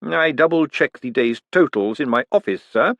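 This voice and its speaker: A man's voice: mid-range voice, lively intonation, moderate pace, fairly bright tone, no echo. A man voicing a prim, precise male bank clerk who speaks stiffly and formally.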